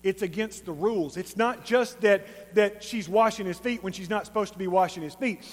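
A man with an East Texas accent preaching a sermon as a pastor, conversational and emphatic, with animated storytelling. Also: high-pitched, normal speed. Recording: long reverb of a large hall.

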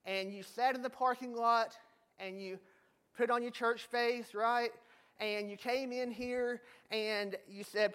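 High-voiced man preaching a sermon. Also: fairly even intonation, slow, a bit bright, clear, resonant tone. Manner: storytelling, joking with the congregation. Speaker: pastor.

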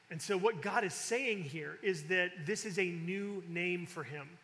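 A man's voice: high-pitched, normal speed, hardly any pauses, bright, forceful tone. A man teaching from the Bible in a conversational, emphatic way, often restarting sentences and using fillers. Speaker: preacher. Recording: long hall reverb.

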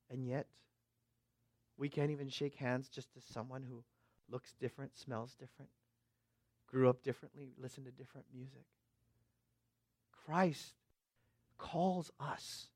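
A middle-aged pastor from the West Coast preaching a sermon, dropping to quiet asides and rising to loud, slow proclamations while checking in with "amen?" and "okay?". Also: male voice, mid-range voice, breathy edge, no echo, studio quality. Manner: swings from hushed asides to loud, drawn-out proclamation; asks the crowd for response with "amen?" and "okay?".

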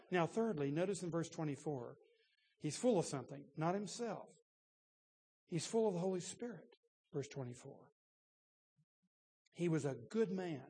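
Husky preacher in a reverberant church. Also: male voice, on the high side, mellow. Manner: conversational storytelling with laughs and restarts. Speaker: pastor. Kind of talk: sermon. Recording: long reverb in a large room.

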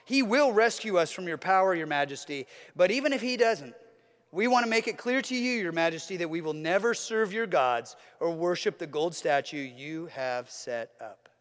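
High-voiced preaching man in a reverberant hall. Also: animated, moderate pace, fairly bright tone. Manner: earnest, repetitive preaching cadence. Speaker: pastor. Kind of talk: sermon.

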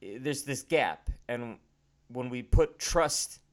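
An earnest man co-hosts a faith podcast and talks candidly, with a self-deprecating streak. His pitch sits in the middle of the range. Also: lively intonation, slow pace. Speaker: podcast co-host. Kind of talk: casual faith podcast chat.

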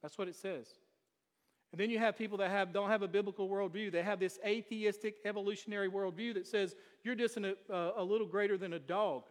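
A high-pitched man preaching to a congregation, punching his points with rhetorical questions. His voice rings through a long hall reverb, as from a church sanctuary. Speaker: pastor. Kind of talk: sermon.

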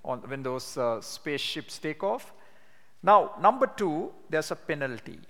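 A man delivers a sermon with a fairly high-pitched voice, pressing down on key words and drawing them out for emphasis. His voice rings through a church hall with a long reverb tail. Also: big pitch swings, measured pace, fairly bright tone. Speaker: preacher.

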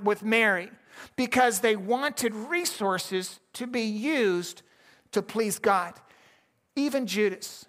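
Guy preaching a sermon, bright voice, chatty and loose, lots of restarts. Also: high voice. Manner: conversational preaching with frequent restarts and asides. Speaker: pastor.

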